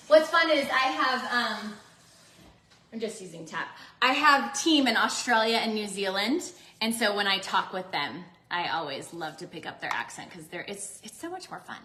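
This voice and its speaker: A bubbly woman chats her way through a recipe, her high voice bouncing all over the place. She sounds bright and animated, talking straight to her viewers. The sound rings a little in her home kitchen. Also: normal speed, echoey room. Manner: bubbly, chatty, talks to viewers. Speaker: cooking vlogger. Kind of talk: chatty cooking live stream.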